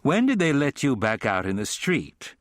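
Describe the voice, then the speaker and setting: A man's voice: mid-range voice, wildly swooping pitch, normal speed, no echo, studio quality, voice pushed up. A man voicing a cheerful, teasing female medical examiner in an audiobook. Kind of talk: audiobook character voice.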